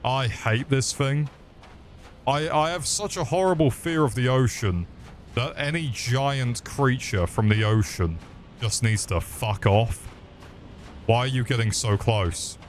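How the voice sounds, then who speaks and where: A man's voice: medium pitch, a little slow, a little hiss or hum. A young man streaming a video game, cracking crude jokes, swearing freely and calling out to the monsters on screen. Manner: crude, joking, swears a lot and talks to the game's monsters. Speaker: gaming streamer. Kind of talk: casual gameplay commentary.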